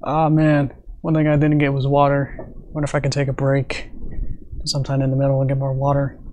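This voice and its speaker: A man's voice: medium pitch, completely flat delivery, fairly quick, a little mellow, slight background noise. A man streaming live, chatting casually and rambling with lots of fillers and little laughs. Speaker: streamer and animator. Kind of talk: casual livestream chat.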